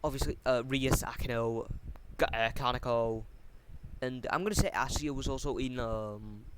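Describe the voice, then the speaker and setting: Into a computer mic on voice chat, a man casually retells a fan story, hesitating with lots of ums and restarts. His voice is mid-range at a moderate pace, and the home recording is noisy.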